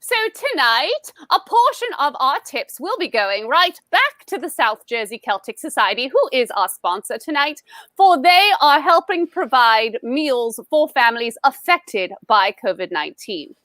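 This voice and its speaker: A woman hosts a comedy show in character, gushing and theatrical. Her voice is very high and bright, swooping widely as she gets excited. The sound is dry and close. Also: measured pace, dry recording. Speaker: host.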